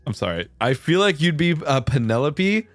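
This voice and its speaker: A man's voice: fairly high pitch, sing-song, moderate pace, dry recording, soft background music. A young man streaming casual chat, rambling and swearing a lot, laughing often.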